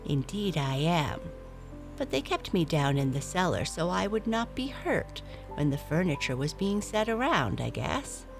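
A worldly young tomcat from a children's storybook, as a woman reader puts him on. He speaks low and unhurried, knowing and a little proud of himself. A clear music bed plays underneath. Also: very animated, full character voice. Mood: friendly. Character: worldly young male speckled cat.

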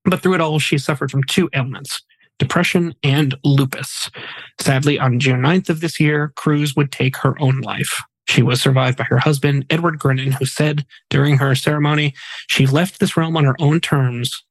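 A man's voice: a little high, slightly rough, dry recording, poor audio. A man hosting a podcast, casually reading out memorial facts with light jokes mixed in. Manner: reads facts in a chatty way with small jokes. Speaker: podcast host.

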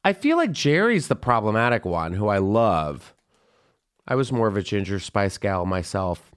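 Male podcast host, animated gossip, smooth resonant tone. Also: fairly low pitch, normal speed. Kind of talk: casual chat.

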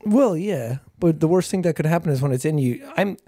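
A man's voice: on the high side, fairly quick, no room sound, studio quality. Young man co-hosting a podcast. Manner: chatty, animated storyteller who breaks into impressions. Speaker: podcast co-host. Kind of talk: casual chat.

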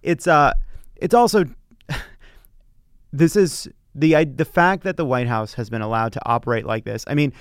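A man's voice: medium pitch, moderate pace, pauses often, clean tone, dry recording, studio quality. A man co-hosting a casual political chat podcast, exasperated and emphatic. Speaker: podcast co-host.

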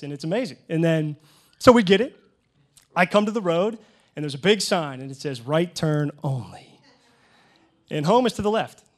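A man in his thirties preaching a sermon, telling funny personal stories and talking straight to his congregation. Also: fairly high pitch. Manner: lively storytelling with humor and asides to the congregation. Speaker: pastor.

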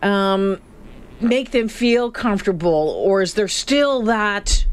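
Lady cohosting radio, chatty, reads stats out, mid pitch voice. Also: lively intonation, slow pace, smooth. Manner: chatty, reads survey figures aloud. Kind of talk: casual on-air chat.

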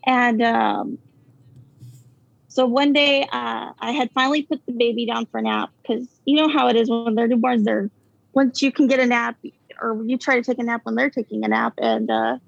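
Gravelly high woman, halting storyteller. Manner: halting, filler-heavy, nervous laughs. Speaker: caller telling a ghost story. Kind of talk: casual storytelling. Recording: dull, dry lo-fi sound.

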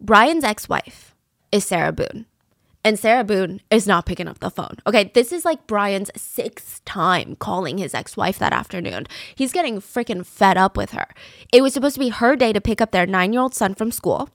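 A woman's voice: medium pitch, lively intonation, moderate pace, no echo, clean studio sound. A young adult woman hosting a true crime podcast, telling the story in a chatty, conversational way with casual asides. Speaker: podcast host.

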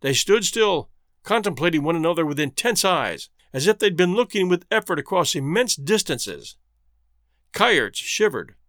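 A man reads a story aloud with a lively, rising and falling delivery. His voice sits a little high for a man, and the recording is dry and close, with no room sound. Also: normal speed, no echo. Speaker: narrator. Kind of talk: scripted story narration.

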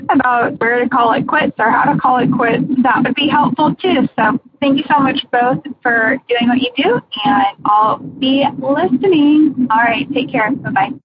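A woman's voice: a little high, a little hiss or hum. A woman leaving a friendly, chatty voicemail question for a podcast, heard over a phone line. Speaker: caller.

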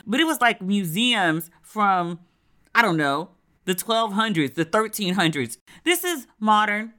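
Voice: mid-range voice, bright, forceful tone. An American talking casually and candidly about their travels in a solo recording, swearing freely and acting out what others said. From United States.

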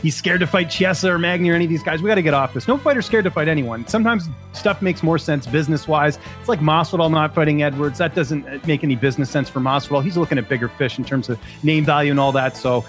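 Fast-talking Canadian man, high voice. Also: a bit bright, soft background music. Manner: rambling, self-interrupting, jokey. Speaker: podcast guest. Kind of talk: casual chat.

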